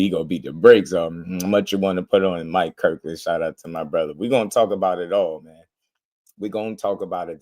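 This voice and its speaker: Laughing man hosting a boxing livestream. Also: deep voice. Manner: laid-back, laughs often, shouts out viewers by name. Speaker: boxing channel host. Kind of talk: casual livestream chat.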